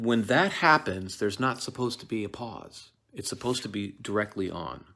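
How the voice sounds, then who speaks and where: A man giving a casual lecture on a play, digressing often, with many fillers and restarts. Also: fairly low pitch. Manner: acts out lines in quick quoted voices. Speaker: actor teaching Shakespeare.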